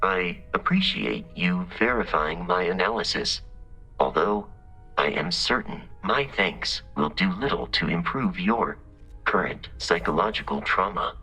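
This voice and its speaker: An actor voicing a polite, analytical robot companion in a video game, speaking in formal, precise phrasing with a husky, gravelly voice. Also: male voice, sits low, expressive, unhurried, sharp tone, full character voice, poor audio. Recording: game audio with faint music.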